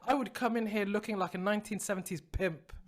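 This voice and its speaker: A man's voice: high voice, quick pace. A young man co-hosting a podcast in casual chat, teasing his co-host and laughing often.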